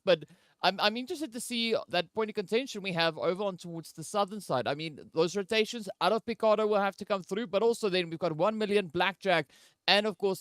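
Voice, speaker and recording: A man doing play-by-play for an esports match, jokey and quick, with plenty of fillers. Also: sits high, fairly bright tone, no echo. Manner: fast, jokey, filler-heavy play calling. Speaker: esports caster. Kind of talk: play-by-play commentary.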